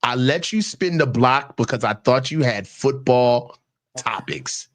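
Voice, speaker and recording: Lively hype-man call-in show host. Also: mid-range voice, measured pace. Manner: loud, teasing, profane hype talk. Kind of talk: casual call-in banter.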